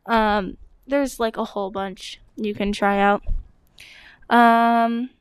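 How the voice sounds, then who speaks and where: Chatty higher-voiced woman with a very clear voice. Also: fairly even intonation, takes it slowly, no echo. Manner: chatty and hesitant, many fillers. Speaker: dog blogger answering breed questions. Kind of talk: casual Q&A vlog.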